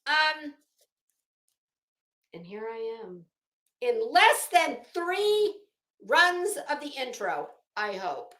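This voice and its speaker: A woman's voice: high-pitched, very animated, drawn-out words, long pauses, a bit bright, roomy sound. A woman hosting a fashion gossip commentary show at home, telling a rambling, profane, self-mocking story while hot and sweaty. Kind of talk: casual chatty commentary.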